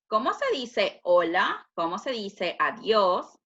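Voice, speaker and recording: Slow, lively woman with Venezuelan accent. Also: mid-range voice. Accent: Venezuelan Spanish. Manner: slow, lively phrase repetition. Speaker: preschool teacher. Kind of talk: repeating phrases in a language lesson. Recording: dull lo-fi audio.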